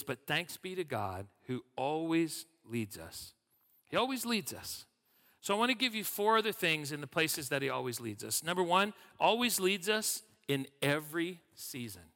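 A man preaching a sermon, telling stories in a lively way and acting out what people said. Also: on the high side. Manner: animated storytelling with acted-out quotes. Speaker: pastor. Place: church sanctuary. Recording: long reverb of a church hall.

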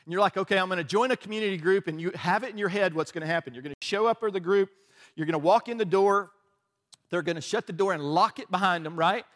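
A man's voice: sits high, a bit bright. A man, a pastor preaching a conversational, joking sermon and often asking his listeners "right?".

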